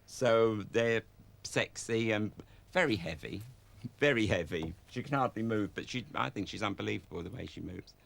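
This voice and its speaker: Gravelly-voiced man, halting in an interview. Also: lowish voice, lively intonation, fairly bright tone. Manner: halting, searching for words. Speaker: gown designer.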